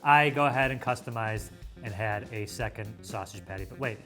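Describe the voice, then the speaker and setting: A man's voice: medium pitch, brisk, few pauses, over music. A man hosting a food review show, talking in an enthusiastic, jokey, playful way. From United States. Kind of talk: casual food review chat.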